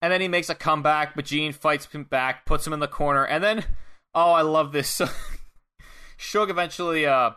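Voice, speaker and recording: A man's voice: fairly high pitch, clean tone. A man co-hosting a casual chat, recapping with frequent laughter, with a lingering cough. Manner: laughing, animated recapping with quick acted-out quotes. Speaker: podcast co-host.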